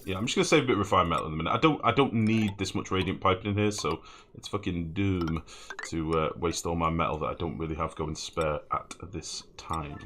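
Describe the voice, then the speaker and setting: A man's voice: sits low, brisk, a bit bright, a little hiss or hum. A man chatting casually and swearing freely while he streams a game and answers chat. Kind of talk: casual gameplay commentary.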